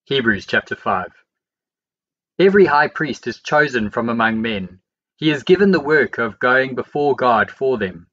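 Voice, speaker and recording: A man reading the Bible aloud, verse by verse, in a steady and measured way. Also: mid-range voice, dull audio. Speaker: Bible reader.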